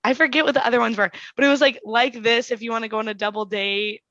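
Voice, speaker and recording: A woman's voice: a little high, steady tone, quick pace, a bit bright, no room sound, muffled recording. A young woman hosting a casual podcast chat, blunt and dry, teasing her guest. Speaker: podcast host.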